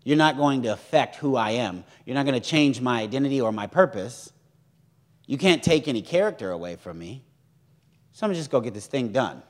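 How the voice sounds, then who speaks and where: A young man preaching a sermon in a lively, joking way, acting out the voices of others. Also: mid-range voice.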